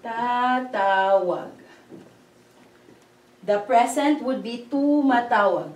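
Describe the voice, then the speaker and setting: A woman teaching a language lesson, explaining grammar patiently and repeating words slowly to drill them. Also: medium pitch. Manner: patient, slow, spells out letters and repeats words. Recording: echoey room, voice from a distance.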